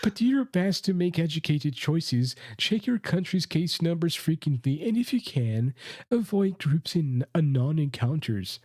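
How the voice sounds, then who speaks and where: A man's voice: on the high side, lively intonation, measured pace, darkish tone, no echo, studio quality. A man putting on a posh British reader. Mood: mock-earnest. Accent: posh British put-on. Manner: mock-formal, breaking into laughter. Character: posh British man reading an online post.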